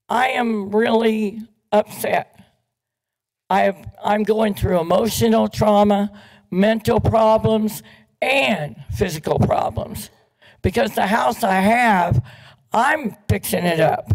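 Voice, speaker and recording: An upset woman addresses a city council during public comment, pressing her demands again and again. Her voice is heavily gravelly with fry and she speaks at a slow, deliberate pace. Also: mid-range voice, darkish tone, low-quality recording. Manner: upset, pleading, repeats demands.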